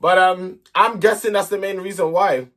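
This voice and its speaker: A man's voice: high-pitched, steady tone, normal speed, bright, forceful tone. A young man hosting a reality TV recap channel, giving blunt, exasperated opinions in casual commentary.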